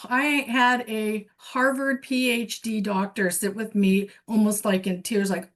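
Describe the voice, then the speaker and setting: A woman's voice: mid-range voice, steady tone, unhurried, hardly any pauses. Earnest woman business coach talking. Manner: earnest, lots of restarts and self-corrections. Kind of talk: summit interview.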